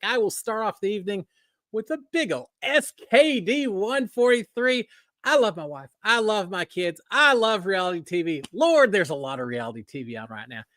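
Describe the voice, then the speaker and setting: A man's voice: high-pitched, a bit bright, no echo, studio quality. A middle-aged man from Texas with a Texan accent, hosting a live stream in a folksy, friendly way and laughing at himself. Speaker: host.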